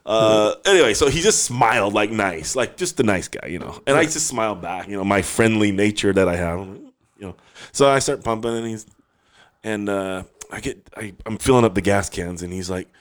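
A man's voice: on the low side, lively intonation, moderate pace. Rambling male podcast host telling a story. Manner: rambling, laughs often, restarts mid-sentence. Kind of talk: casual chat, storytelling.

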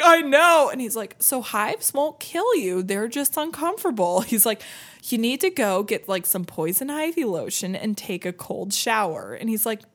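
A young woman in her twenties telling a personal story in casual chat, laughing often and acting out what people said. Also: a little high. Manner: animated, laughing, acts out quoted voices, many fillers.

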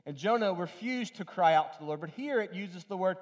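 A man's voice: high-pitched, expressive, fairly quick, few pauses. A male pastor preaching a sermon earnestly, repeating phrases for emphasis and often restarting his sentences. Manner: acts out quoted lines in a raised, pleading voice.

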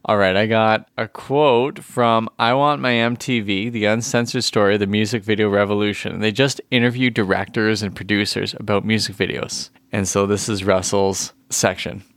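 A man's voice: fairly low pitch, steady tone, moderate pace, few pauses, a bit bright, no room sound, clean studio sound. A man co-hosting a podcast in casual, amused chat, stretching words out for emphasis. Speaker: podcast co-host.

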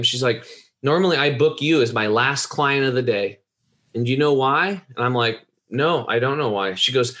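A man recounts a personal experience in a casual, heartfelt way. His voice sits at an ordinary middle pitch. He rambles, doubles back and repeats words as the thoughts come. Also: normal speed, sharp tone. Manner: earnest, rambling with restarts. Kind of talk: casual storytelling.

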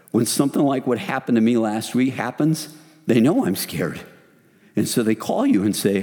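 A middle-aged man leading a men's ministry, preaching in an earnest, conversational way with animated retellings. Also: medium pitch, normal speed. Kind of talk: sermon. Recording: long hall reverb.

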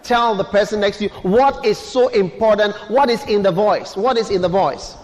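Speaking at normal speed in a high-pitched voice, a man preaches as pastor, questioning his congregation and repeating key words. The sound bears the long echo of a large church hall.

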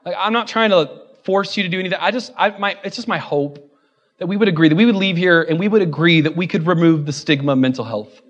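A man with a high voice preaches a sermon in a church. He jokes at his own expense and laughs often, then builds to loud, fervent declarations. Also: fast talker, muffled recording. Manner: self-deprecating, joking, laughing often. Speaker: guest preacher.

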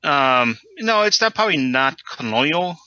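A man runs a tabletop horror game, pausing often with ums and restarts. His voice is bright and cutting. The recording sounds dry and a little muffled. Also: fairly high pitch, sing-song, no room sound. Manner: hesitant, filler-heavy narration. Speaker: game master. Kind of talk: narrating a tabletop game and voicing NPCs.

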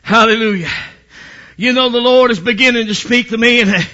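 A male preacher, delivering a fiery sermon that swings into shouting, with "praise God" refrains. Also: extremely high pitch, normal speed, highs cut off.

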